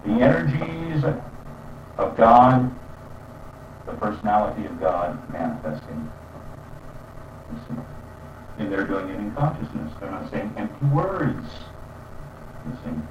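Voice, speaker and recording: A man teaching about spiritual practice in an earnest, explanatory way, often checking in with "you see?". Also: fairly low pitch. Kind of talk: spiritual teaching with chant demonstrations. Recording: roomy, distant, dull sound with faint traffic.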